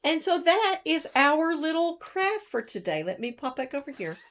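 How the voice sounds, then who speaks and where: A woman's voice: sits high, very animated, moderate pace, a bit bright. A woman leading a children's story hour in a church, retelling a story while acting it out with her fingers and showing a craft.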